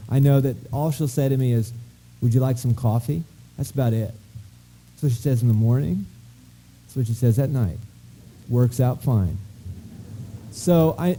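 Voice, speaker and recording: A middle-aged man giving a talk to high school students, telling a long story with wry asides and acted-out dialogue. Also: warm tone, low-quality recording. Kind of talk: anecdotal public talk. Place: school auditorium.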